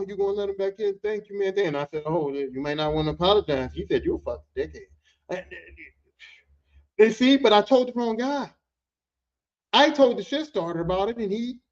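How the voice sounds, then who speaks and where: A man hosting a podcast, telling a work story in a casual, profane way and acting out other people's lines. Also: high-pitched. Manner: animated, profane, acts out quotes in other voices. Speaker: podcast host. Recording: dull lo-fi audio.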